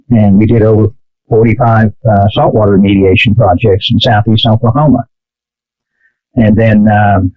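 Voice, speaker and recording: A man with a fairly low voice explains things slowly and deliberately, pausing often with "uh". The sound is thin and phone-like, and it is completely dry with no room echo. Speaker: environmental remediation business owner. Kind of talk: casual podcast chat. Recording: dry, tinny phone-like line.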